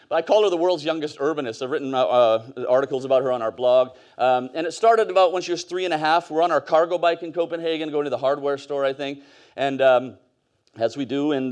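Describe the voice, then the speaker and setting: A man tells stories from a conference stage. His delivery is loose and conversational, with plenty of fillers and asides, at an ordinary, mid-range pitch. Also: a little mellow. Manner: conversational, storytelling, with fillers and laughs. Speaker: conference speaker. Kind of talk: conference talk.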